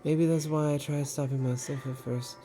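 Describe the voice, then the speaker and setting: A man's voice: fairly high pitch, fairly even intonation, moderate pace, music in the background, pitched above the performer's own voice, close to an everyday voice. A man reading aloud the lines of an obsessive, unhinged, lovestruck young woman in a plain voice. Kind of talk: reading game dialogue aloud.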